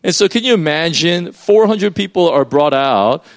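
A man's voice: on the high side, animated, moderate pace. A man preaching a sermon in a loose, conversational way, explaining as he goes with many fillers and restarts.

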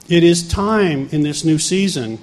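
A man's voice: fairly high pitch, a little slow. A middle-aged male pastor telling a healing story in a sermon, acting out the people he quotes. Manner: animated, acts out quoted voices.

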